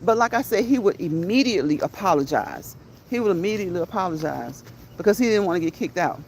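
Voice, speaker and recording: This livestream host has a fairly low voice, and there's a slight hiss or hum. She keeps up brisk, lively banter, reading chat aloud, laughing often, and replying directly to her audience.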